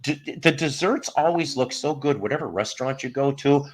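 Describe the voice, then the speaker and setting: A middle-aged man hosting a live show, talking in a loose, rambling way and often stumbling over his own words. His voice sits at an ordinary pitch, and he tells his stories casually. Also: normal speed, a crowd in the background. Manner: rambling storyteller with frequent restarts. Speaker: host of a live stream show. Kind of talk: casual chat.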